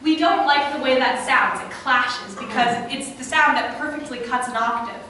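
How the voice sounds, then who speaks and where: A young woman presenting a workshop to a live audience, chatty and lively, with fillers and asides to the listeners. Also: high voice, normal speed, slight background noise. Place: classroom or small auditorium with an audience. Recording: echoey room, far from the mic.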